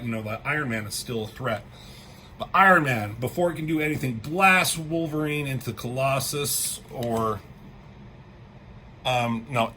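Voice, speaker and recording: Man, comic reviewer. Bright, forceful voice, pitched a bit high. Loose, excitable recap, jumps into character lines, some faint background hiss. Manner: loose and excitable, acts out characters' lines in quick bursts, swears freely.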